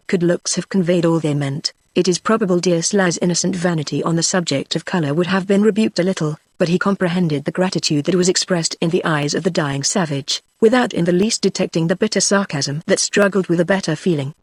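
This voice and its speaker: A text-to-speech voice narrating a classic novel in an even, measured computer reading. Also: mid-range voice, no room sound. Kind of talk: synthetic audiobook narration.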